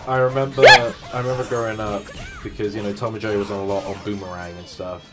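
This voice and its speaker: A man's voice: lowish voice, steady tone, quick pace. A man hosting a game stream, chatting casually and rambling with fillers. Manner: rambling, with frequent fillers and laughter. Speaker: streamer host. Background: faint game music.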